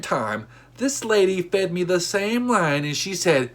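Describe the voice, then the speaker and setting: Animated man telling a comic story. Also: moderate pace. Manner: animated, acts out quotes with sudden high-pitched outbursts. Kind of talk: comedic storytelling monologue.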